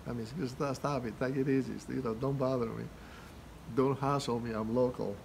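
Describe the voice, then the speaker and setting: A man walks through everyday phrases in a relaxed, rambling teaching style. He fills his talk with fillers and restarts and laughs at his own examples. His voice sits at an ordinary middle pitch, and steady noise runs under the recording. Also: a little fast, creaky, poor audio. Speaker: language teacher. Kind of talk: casual vocabulary lesson.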